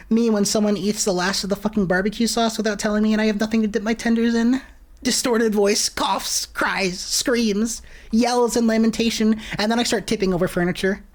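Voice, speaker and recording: A woman streaming a horror game, ranting and swearing with sudden shouts. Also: medium pitch, fairly even intonation, normal speed. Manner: profane, exasperated rants with sudden shouts. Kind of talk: casual gameplay commentary.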